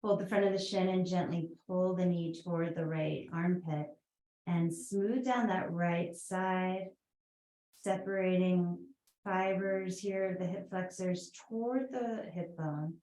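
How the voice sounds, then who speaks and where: A woman's voice: fairly low pitch, unhurried, mellow, reverberant, slight background noise, poor audio. Chatty Boston-accented woman yoga teacher. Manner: chatty, rambling asides with fillers. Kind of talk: guided yoga class instruction.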